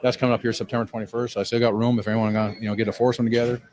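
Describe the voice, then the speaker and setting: A middle-aged man who owns a cigar lounge, telling his story in an animated, casual way on a podcast and acting out the dialogue he quotes. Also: mid-range voice, racing, crowd noise, low-quality recording. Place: cigar lounge with people around.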